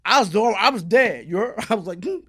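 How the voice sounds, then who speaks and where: High-voiced, animated New York man telling a story. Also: brisk, husky. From Brooklyn, New York. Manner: animated street storytelling, acts out voices, frequent "you heard?". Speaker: interview guest. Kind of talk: storytelling in a casual interview.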